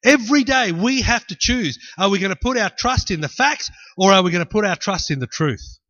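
A man's voice: sits high, a little fast, no echo, highs cut off. A man preaching a sermon and acting out the people in the story. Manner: animated preaching, acting out voices. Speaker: pastor.

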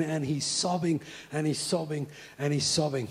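A male pastor preaching a sermon, telling a story and then moving into a soft, hushed call to prayer. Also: fairly high pitch, normal speed, few pauses, breathy edge. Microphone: speaking to a congregation and viewers at home.

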